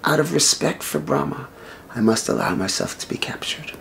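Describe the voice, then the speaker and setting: A male storyteller voicing a devoted, calm male monkey warrior who speaks softly and reverently. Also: on the high side, moderate pace, gravelly, slight background noise, voice pushed down.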